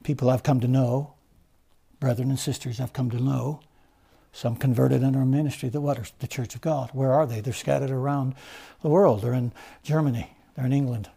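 A man preaching a sermon, rising to loud fervent emphasis and then dropping to low, quiet stresses. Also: steady tone, brisk, gravelly, husky. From United States.

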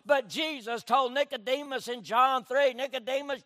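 High pitched pastor guy preaching, dry mic, says amen a lot, gets loud then quiet. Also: moderate pace, no echo. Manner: preaching with call-and-response amens, swinging from loud to hushed. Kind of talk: sermon.

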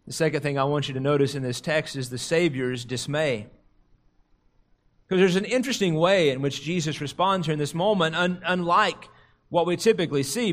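A middle-aged male pastor delivering a sermon in a somewhat high voice. He talks earnestly, eases into slow, hushed tones for quoted prayer and scripture, then climbs in pitch and loudness to drive a point home. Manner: rises in pitch and volume when stressing a point.

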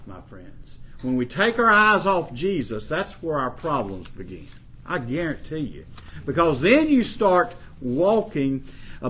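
Male preacher, slow and earnest sermon delivery, mid-pitched. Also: fairly bright tone. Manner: slow, earnest, rising to emphasis on scripture quotes.

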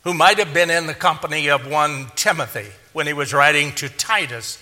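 A man preaching a sermon, earnest, swelling to emphatic peaks and then dropping low. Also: moderate pace, pushed and bright. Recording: long hall reverb.

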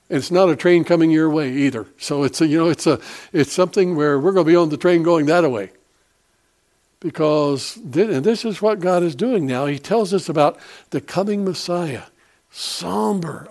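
A man's voice: fairly high pitch, mellow. A man preaching a sermon in a folksy, rambling way with many fillers and restarts.

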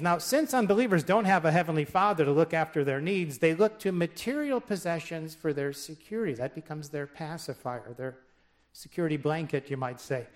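A man's voice: fairly high pitch, moderate pace. A man preaching a sermon in a conversational way, dropping wry joking asides and reading scripture aloud with emphasis. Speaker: pastor.

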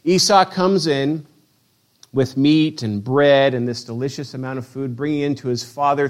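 A man preaching a sermon, reading scripture with slow drama between conversational asides. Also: medium pitch. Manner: reads scripture slowly and dramatically, then talks conversationally. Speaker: pastor.

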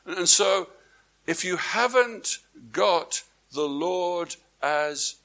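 A man preaching a sermon to a congregation, swinging from quiet, drawn-out phrases to emphatic ones and asking his listeners questions. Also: high voice, expressive. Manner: repeats words for emphasis, asks the congregation questions. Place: church before a congregation, also streamed online.

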